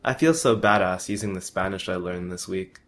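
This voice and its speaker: A man's voice: deep voice, normal speed. A young man earnestly reading his personal travel story aloud. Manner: earnest, with small restarts.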